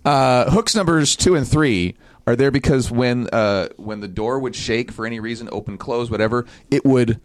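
A man on a comedy podcast, explaining things plainly and deadpan in casual banter. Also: medium pitch, normal speed, no echo.

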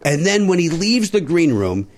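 A middle-aged man telling show-business stories in casual chat, animated and quick to slip into voices. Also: a little high. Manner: animated storyteller who slips into voices. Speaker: comedy warm-up performer and guest.

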